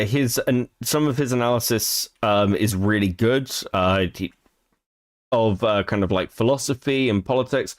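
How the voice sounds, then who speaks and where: A man's voice: medium pitch, no echo, studio quality. A man streaming casual reaction commentary, chatty and profane, laughing between remarks.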